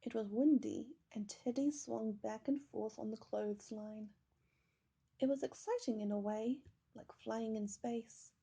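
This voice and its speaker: Husky, dark-toned woman reading a storybook. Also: a little high. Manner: gentle, measured storytelling. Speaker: storybook reader. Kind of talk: reading a children's picture book aloud.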